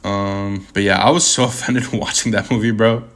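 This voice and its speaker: A young man of Puerto Rican heritage chatting casually on a livestream, rambling and animated, with constant stammering restarts and slang. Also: on the low side, moderate pace. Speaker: streamer answering chat.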